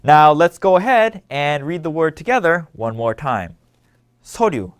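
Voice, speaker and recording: A man leads a scripted language lesson with a slightly high voice that moves a lot in pitch. He explains each word clearly and patiently. He keeps asking listeners to read along and repeat after him. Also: very animated, moderate pace. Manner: clear, patient instructional delivery. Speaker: language teacher.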